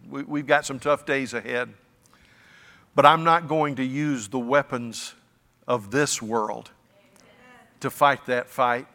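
A man's voice: mid-range voice, pushed and bright, in a large hall. Folksy, emphatic preaching man. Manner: folksy and emphatic, with stammered restarts. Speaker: pastor. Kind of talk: sermon. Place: church sanctuary.

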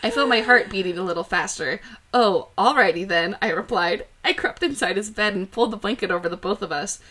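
Bright-voiced woman reading fan fiction aloud. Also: mid-range voice, fairly quick. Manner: reads aloud, breaking into laughter. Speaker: podcast co-host.

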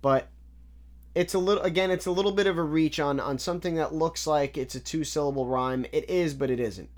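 A music reviewer with a fairly high, brisk, slightly mellow voice casually analyzes rap lyrics line by line. He is analytical and repetitive, often restarting his sentences.

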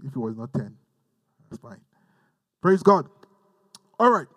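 A man's voice: high voice, very animated, a little slow, long pauses, fairly bright tone, no echo, poor audio. A man from Africa preaching a teaching sermon, fervent, repeating phrases and leading the listeners in call-and-response.

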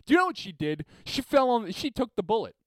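A man's voice: extremely high pitch, very animated, fast, fairly bright tone, no echo. Profane rambling man hosting a podcast. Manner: rambling, profane, laughs at his own story. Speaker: podcast host. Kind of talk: casual solo podcast storytelling.

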